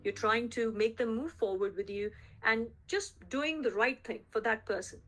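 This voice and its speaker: A woman's voice: a little high, normal speed, fairly bright tone. A woman coaching a sales team on a group call. She speaks emphatically, repeats her key phrases and keeps checking in with the team.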